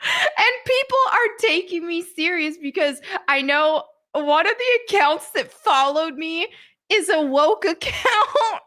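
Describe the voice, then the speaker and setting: A woman's voice: extremely high pitch, bright, forceful tone. A woman hosting a live stream in a casual chat, giggling often and mocking what she reads.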